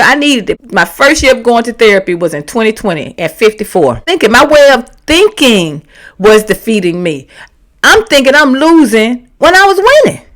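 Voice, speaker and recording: A woman, giving a candid, sassy motivational talk to the camera and acting out the voices she quotes. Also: on the high side. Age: 50s. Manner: sassy, animated, slangy, acts out quoted voices. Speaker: vlogger and comedian.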